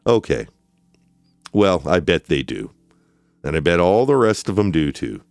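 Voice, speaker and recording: A man voicing a weary, patient judge who speaks calmly and deadpan, in a dramatic reading of a trial transcript. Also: measured pace, creaky, no room sound, full character voice. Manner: calm, deadpan, low-key.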